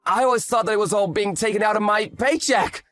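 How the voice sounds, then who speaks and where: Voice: mid-range voice, fairly quick, fairly bright tone, no echo, soft background music, lightly acted. A voice actor playing a defensive, pleading cheating husband in his late thirties. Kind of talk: voiced story drama.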